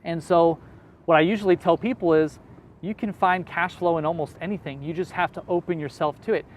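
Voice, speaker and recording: A man's voice: fairly high pitch, steady tone, brisk, a little hiss or hum. A man being interviewed as a real estate investor, explaining in an easygoing way with everyday examples. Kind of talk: casual interview answers.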